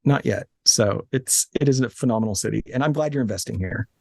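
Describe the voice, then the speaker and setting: A man in his late thirties from Alabama, a guest telling animated, joking stories from his office with frequent restarts. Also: on the low side, fast talker, vocal fry, husky, no echo, studio quality. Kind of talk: casual interview chat.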